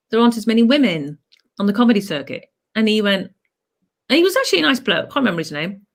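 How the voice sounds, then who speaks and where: A woman guest in a casual chat, telling rambling anecdotes with restarts and acted-out quotes. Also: medium pitch.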